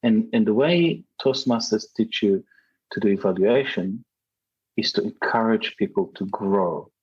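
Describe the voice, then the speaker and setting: A man's voice: lowish voice, unhurried, breathy edge, lo-fi sound. A man speaking English as a second language with a non-native accent, a guest in a podcast interview who talks emphatically and repeats key phrases. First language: not English. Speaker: guest, speaking contest runner-up.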